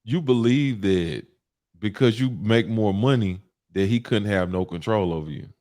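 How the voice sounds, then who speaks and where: A man interviewing a guest in a casual chat, probing with drawn-out, restarted questions. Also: fairly low pitch, darkish tone.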